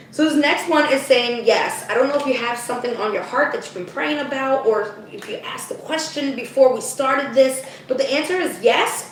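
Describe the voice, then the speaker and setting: A woman's voice: on the high side, animated, a little fast, hardly any pauses, very echoey, recorded from a distance, low-quality recording. A woman giving a live spiritual card reading to her viewers, talking casually, often checking in with "okay?", and losing her voice. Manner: chatty, addresses viewers as "guys", frequent "okay?".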